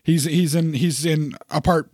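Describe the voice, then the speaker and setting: A man's voice: fairly high pitch, steady tone, measured pace, darkish tone, breathy edge, dry recording, clean studio sound. A middle-aged man chatting casually about movies, rambling with many restarts. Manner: rambling, restarts a lot, puts on quoted voices.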